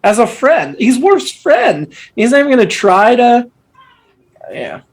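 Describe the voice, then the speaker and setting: A man's voice: very high-pitched, sing-song, a little slow. A man co-hosting a casual podcast discussion, talking animatedly and arguing his point firmly. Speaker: podcast co-host.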